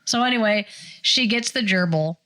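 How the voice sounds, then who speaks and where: Mom type woman on a podcast, middle pitched, chatty, goes big when she quotes people. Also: moderate pace. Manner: animated retelling, acts out quoted voices. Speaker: podcast co-host. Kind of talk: casual storytelling chat.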